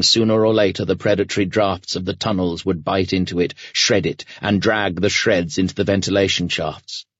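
Deep-voiced man narrating an audiobook. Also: husky, dry recording. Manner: measured, even storytelling. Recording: dry, muffled studio read.

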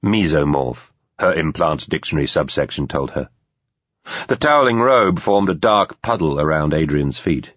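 A man reading a novel aloud in steady, measured scripted narration. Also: a bass voice, no echo. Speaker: audiobook narrator. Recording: dull, lo-fi dry recording.

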